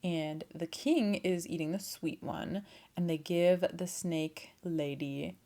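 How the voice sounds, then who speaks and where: A woman's voice: lowish voice, slow, dark tone. A young woman casually retelling a folktale, chatty and swearing, with laughing asides and playful voiced quotes. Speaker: storyteller and channel host.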